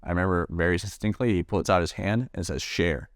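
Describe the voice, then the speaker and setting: A man from Nebraska, a Marine veteran, telling his own story in an interview, halting with many fillers and restarts and swearing freely. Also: low-pitched, no echo, studio quality. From Nebraska, USA.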